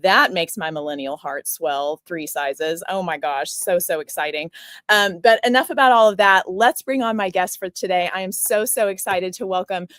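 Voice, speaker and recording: A woman's voice: lowish voice, normal speed, fairly bright tone, dry recording. A woman hosting a talk show and interview, gushing and effusive as she speaks. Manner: effusive and gushing, easily choked up. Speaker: show host.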